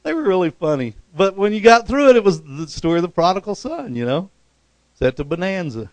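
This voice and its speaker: A middle-aged man preaching a sermon, animated, leaping into loud high-pitched bursts when he acts out quotes. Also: brisk, dry recording. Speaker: pastor.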